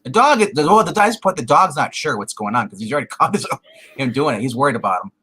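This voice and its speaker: Bright-sounding guy rambling thru a show review, lots of you-knows. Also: mid-range voice, lively intonation, fast, breathy edge, low-quality recording. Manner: rambling, many fillers and restarts. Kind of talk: casual chat.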